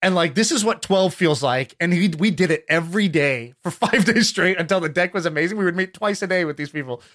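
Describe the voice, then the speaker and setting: A podcast host tells a story in easygoing conversation, his voice sitting high and moving along fairly quickly. He's an animated storyteller who acts out the voices of the people he quotes.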